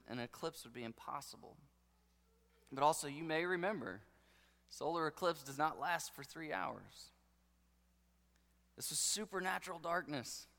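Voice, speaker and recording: A man preaching a sermon with passion, dropping to a hush and then rising to loud declarations. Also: a little high. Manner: impassioned preaching, swinging between hushed and loud. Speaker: pastor. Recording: long hall reverb.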